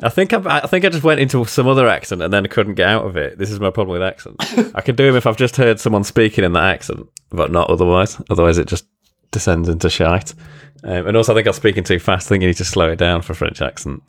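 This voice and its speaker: A low-pitched man hosting a podcast in easygoing banter. He laughs a lot, swears freely and pokes fun at himself. His voice sits well below most men's. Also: animated, quick pace, few pauses. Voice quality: laughs often, swears casually, self-mocking. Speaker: podcast host. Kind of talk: casual podcast chat.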